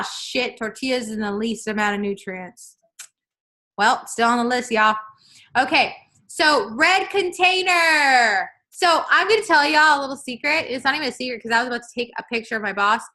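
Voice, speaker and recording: A woman, chatting casually in a vlog as a fitness coach, excitable and calling her viewers y'all. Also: a little high, poor audio. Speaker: fitness coach walking through a meal plan.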